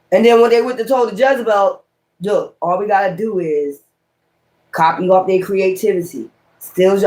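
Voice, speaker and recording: With a medium-pitched voice, this woman reads tarot in an offhand way, blunt and meandering, full of slang and swearing, and she keeps circling back to the same key words.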